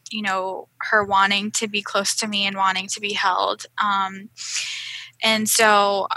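A woman's voice: medium pitch, flat delivery, measured pace, bright, forceful tone, no echo, rough recording. A young woman chatting earnestly about a recent birth, with many fillers and restarts. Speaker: guest sharing birth story. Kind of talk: casual chat.

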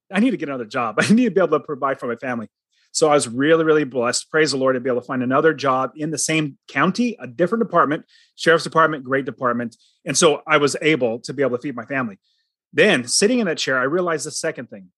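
A man's voice: fairly high pitch, a bit bright, breathy edge, no room sound. A middle-aged man telling his personal story as a guest, earnest and dramatic, acting out the lines he quotes.

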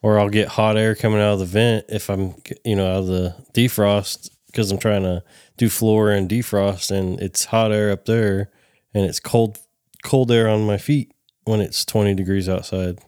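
A man hosting a laid-back podcast interview, his questions wandering and full of fillers. His voice sits on the low side. The sound is close and dry. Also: fairly even intonation, normal speed, a little mellow, smooth, dry recording. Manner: rambling, filler-heavy questions. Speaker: podcast host.

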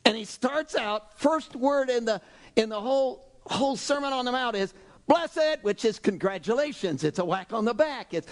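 A male preacher delivering a sermon with a high voice that climbs and falls a great deal. He talks in a dramatic, animated way and now and then breaks into loud exhortations. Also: moderate pace. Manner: animated, dramatic, shifts into shouted exhortations and acted quotes. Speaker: pastor.

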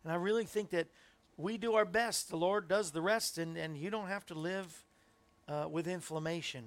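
A middle-aged man hosting a faith-based talk show, with a fairly high voice for a man. He rambles in a relaxed, chatty way and turns often to viewers typing in the chat. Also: normal speed. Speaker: host.

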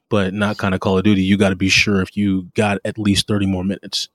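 An eager man with a fairly low voice chats about games, leaning hard on the words that excite him. He restarts his sentences often, and the recording is dry and close. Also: no echo. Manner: enthusiastic, drawn-out emphasis, many restarts. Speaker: podcast co-host. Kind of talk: casual chat about video games.

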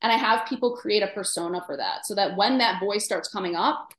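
A woman's voice: mid-range voice, fairly quick, fairly bright tone, echoey room. A woman nutritionist co-hosting a casual podcast conversation, chatty and full of fillers. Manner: chatty, many fillers, plays inner voices in quotes. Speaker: nutritionist co-host.

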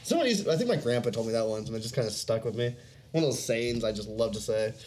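A man swearing his way through a loose podcast chat, laughing between stories. His pitch swings up and down as he acts out what other people said. He is chatting with a friend. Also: expressive, fast talker, a little mellow, a little hiss or hum. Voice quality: profane, laughs often, acts out others' lines. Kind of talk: casual chat.

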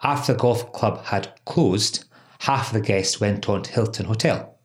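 A man's voice: fairly low pitch, normal speed. A man hosting a legal podcast, chatty and laughing often, with many "um"s. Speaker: podcast host, employment lawyer. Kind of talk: casual legal podcast chat.

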